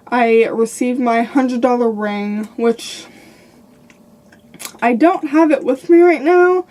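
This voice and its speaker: A woman's voice: on the high side, a little mellow. A woman giving a casual, upbeat makeup product review, gushing and repeating "definitely" and "really".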